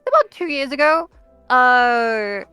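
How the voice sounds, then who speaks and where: A woman's voice: sits high, very animated, slow, bright, forceful tone, smooth, no room sound, soft background music. A young woman with a Liverpool accent, chatting on a livestream and stopping often to restart. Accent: Liverpool English. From England, Liverpool. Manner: hesitant, many fillers and restarts. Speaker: streamer host. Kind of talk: casual chat on a livestream.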